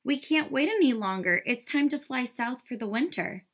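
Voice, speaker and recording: A woman's voice: high voice, expressive, moderate pace, voice pushed up. A woman reading a storybook aloud, voicing a loving but firm mother duck who coaxes and scolds her ducklings. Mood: calling, urgent. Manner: warm motherly scolding and coaxing.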